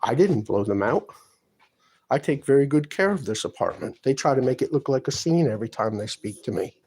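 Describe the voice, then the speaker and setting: Man in his apartment, husky voice, phone-recorded, insistent and repeating his complaints. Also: medium pitch, animated, fairly quick, darkish tone. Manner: aggrieved, insistent, repeats himself. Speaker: tenant filming his apartment. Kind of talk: agitated self-filmed complaint.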